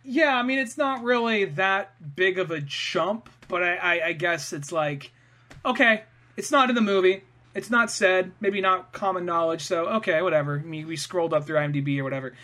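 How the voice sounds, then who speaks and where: A man's voice: high voice, moderate pace, sharp tone. A man co-hosting a podcast, chatting casually with a lot of swearing and laughter. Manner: profane, laughing, ranting. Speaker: podcast co-host.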